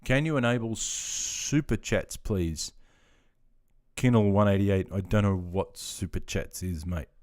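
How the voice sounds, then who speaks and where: A man's voice: on the low side, a little slow, darkish tone. An Australian man in his fifties chatting casually on a live stream, reading out viewer comments and laughing easily. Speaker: live streamer, army veteran.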